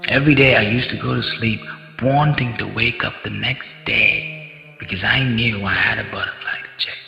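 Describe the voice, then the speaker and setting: Gravelly man giving a dramatic speech. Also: mid-range voice. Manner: dramatic, with rhetorical questions to the crowd. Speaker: contest speaker. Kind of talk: storytelling speech to an audience. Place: large hall. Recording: echoey hall, dull sound, faint music.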